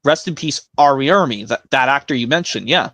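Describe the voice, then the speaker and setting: A man's voice: medium pitch, animated, brisk, fairly bright tone, dry recording. A man hosting an online stream, rambling enthusiastically about cartoon episodes. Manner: rambling, enthusiastic fan talk. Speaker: stream host. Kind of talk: casual chat.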